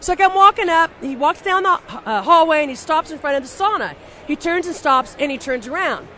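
A woman guest in an interview, telling blunt, animated stories in a casual way with frequent restarts and some swearing. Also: sits high, brisk. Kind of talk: casual anecdotal storytelling.

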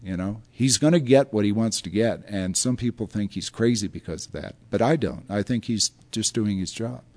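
An older man tells long, rambling anecdotes in a relaxed interview. His voice sits a little low, and he keeps acting out other people's lines with bursts of laughter along the way. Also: normal speed, hardly any pauses. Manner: rambling, animated storyteller who acts out quotes and laughs often. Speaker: film historian guest. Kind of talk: casual anecdotal storytelling.

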